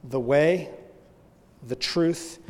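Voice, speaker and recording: A man's voice: a little high, very slow, in a large hall. A man preaching an expository sermon. He explains in an emphatic teaching manner and poses rhetorical questions.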